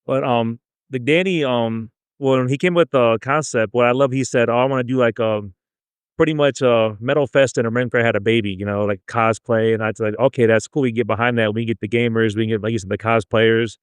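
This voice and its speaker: A man's voice: mid-range voice, fairly quick, smooth, dry recording. Laid-back man chatting on a podcast. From El Paso, Texas. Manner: relaxed, chatty, loose with fillers. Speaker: podcast host. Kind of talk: casual chat.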